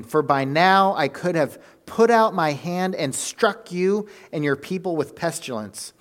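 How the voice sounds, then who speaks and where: A man preaching a sermon, telling a story with energy and plenty of fillers and self-corrections. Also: medium pitch.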